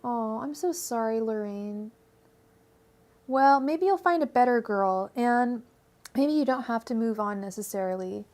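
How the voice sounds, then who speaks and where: On her casual tarot livestream, a woman with a Californian accent rambles and chats, full of fillers, restarts and laughter. Her voice sits on the high side with a darkish tone, and she keeps a measured pace. She's recording on her own microphone at home.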